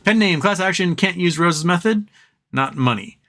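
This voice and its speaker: A man's voice: sits high, lively intonation, moderate pace, pushed and bright. A man hosting a live stream from home, chatting casually, answering viewer comments and trailing off into rambles.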